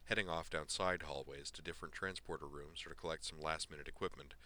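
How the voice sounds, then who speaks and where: A man narrating a story in a steady, even audiobook reading style. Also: extremely low pitch, fast talker.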